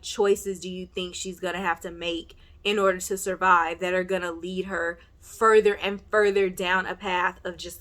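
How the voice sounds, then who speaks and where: A woman casually recapping and reviewing a TV episode, chatty and full of fillers like "you know", with animated outbursts. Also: mid-range voice. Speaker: TV recap vlogger.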